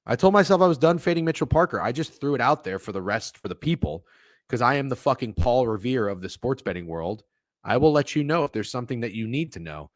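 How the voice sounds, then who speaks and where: Young man, betting stream host, swears freely, lively swooping pitch, dry close mic. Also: fast talker, no room sound. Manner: animated, swearing, talks to chat. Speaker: sports betting show host. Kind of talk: profane live-stream betting chat.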